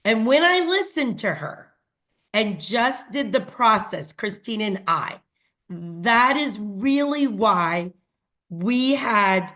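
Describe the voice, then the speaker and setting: A woman's voice: a little high, fairly bright tone. A woman giving a motivational talk to her team, speaking earnestly to them and acting out conversations as she retells them. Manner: earnest, addresses listeners directly; acts out quoted dialogue with a raised voice. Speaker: team leader speaking to a sales team.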